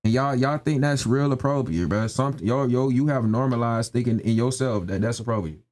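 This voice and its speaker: A young man with a mid-range, slightly mellow voice speaks at normal speed, ranting emphatically on a live stream. His talk is casual and slangy, he repeats his points, and he keeps checking "you know what I'm saying."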